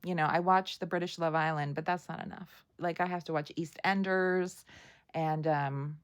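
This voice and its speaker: A woman's voice: low-pitched, fairly even intonation, moderate pace, clear, resonant tone. Chatty American woman vlogging. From United States. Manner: chatty and gushing, with many fillers. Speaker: vlogger reviewing TV. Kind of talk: casual chat to camera.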